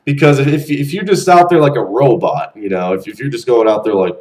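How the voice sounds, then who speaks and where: A young man around twenty ranting bluntly to camera, animated and swearing freely. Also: medium pitch, fairly quick, rough recording. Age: young adult. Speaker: vlogger. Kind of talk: casual rant to camera.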